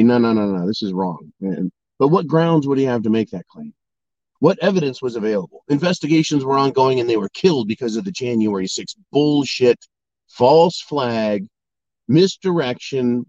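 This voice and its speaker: This man's mid-range, slightly mellow voice has no echo, recorded with a dry, dull lo-fi quality. He's a political commentator delivering an opinion monologue full of rhetorical questions and repeated "right?" checks with his audience.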